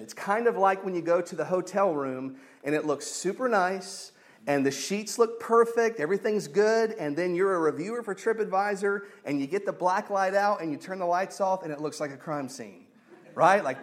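A man's voice: high voice, animated, moderate pace. A man, teaching a conversational sermon as pastor and acting out the quoted voices.

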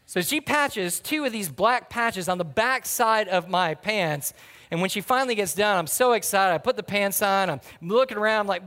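A pastor delivers a sermon full of folksy stories, repeatedly calling out to his congregation. His fairly high voice is expressive, bright and forceful, moving fairly quickly, and a long reverb from the large church hall trails behind it.

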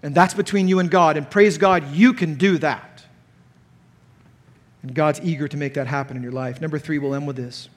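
A man preaches at a conference, his voice sitting high for a man. He is animated and turns loud and sharp when he acts out the people he quotes. A long reverb hangs on every phrase in the large hall. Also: normal speed. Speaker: pastor. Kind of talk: conference sermon.

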